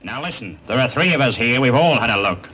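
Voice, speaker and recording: A man's voice: mid-range voice, expressive, fast, pushed and bright, lo-fi sound. An actor playing a brusque, determined man who brushes off warnings, in 1960s television drama acting. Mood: defiant. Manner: curt, defiant. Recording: archive TV soundtrack with faint noise.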